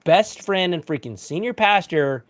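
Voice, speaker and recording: A man in his forties, a pastor hosting a casual livestream chat, telling a story with lively, self-mocking asides. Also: sits high, measured pace. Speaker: pastor and show host.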